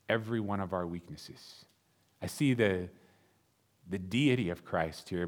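A male pastor preaching a sermon, reading scripture aloud and pressing his points earnestly, rising for emphasis and slowing on key phrases. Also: lowish voice.

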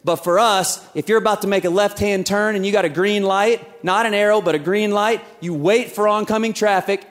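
A man in his thirties preaching a sermon in a church, talking conversationally with rhetorical questions and acting out bits of dialogue. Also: high voice. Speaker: pastor. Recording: church hall with long reverb.

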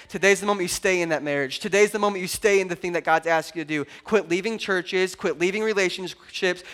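A man in his thirties preaches to his congregation in a high, lifted voice. He is animated and conversational, teasing the crowd and joking between points. His delivery moves from loud calls to the room down to quiet, intimate asides. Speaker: pastor. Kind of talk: sermon.

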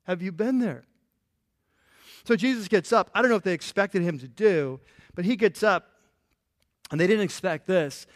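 High-voiced animated male preacher. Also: normal speed, pauses often. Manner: animated, playful, acts out quotes. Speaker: pastor. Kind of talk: sermon.

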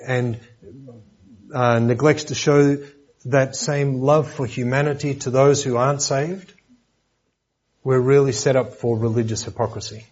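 A man's voice: medium pitch, steady tone, unhurried, pauses often, a little mellow, lo-fi sound. A man preaching a sermon lesson in a conversational way, with joking asides and repeated words.

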